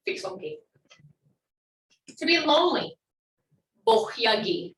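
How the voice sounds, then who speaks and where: A woman's voice: on the high side, lively intonation, unhurried, long pauses, fairly bright tone, reverberant, far from the mic, slight background noise, low-quality recording. A woman teaching a language class online, upbeat and encouraging as she models words for students to repeat.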